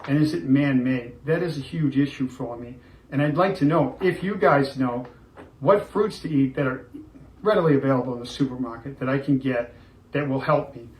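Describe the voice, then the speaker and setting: A man's voice: medium pitch, moderate pace. A man talking casually in a vlog clip, thinking aloud and rambling about food cravings. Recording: echoey room with faint ambient noise.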